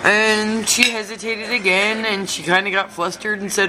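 A man's voice: sits high, steady tone, normal speed, heavy background noise. A man, an encampment advocate, giving a loose, chatty spoken report with many fillers. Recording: dish and cutlery clatter.

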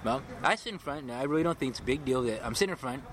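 A man's voice: mid-range voice, expressive, rapid-fire, a crowd in the background. A homeless man rambling agitatedly through his story in a street interview, repeating himself. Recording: noisy outdoor street recording.

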